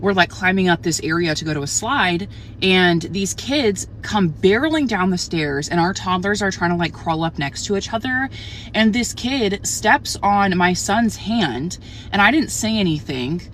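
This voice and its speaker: A woman's voice: mid-range voice, animated, moderate pace, a bit bright, slight background noise. A young woman, mother of a toddler, telling a story and venting to camera in a chatty, exasperated way with many "like" fillers. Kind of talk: casual storytime rant to camera.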